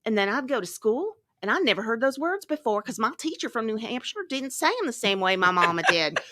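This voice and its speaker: A middle-aged woman from Tennessee hosting a podcast in lively, chatty conversation, laughing often. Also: fairly high pitch, brisk. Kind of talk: casual chat.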